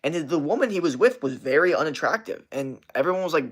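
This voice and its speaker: A young man with a slightly high voice, hosting a live stream. He rants in a loose, rambling way, swears often and leans on filler words. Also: animated, quick pace, hardly any pauses. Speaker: livestream host and health coach. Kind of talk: casual livestream rant.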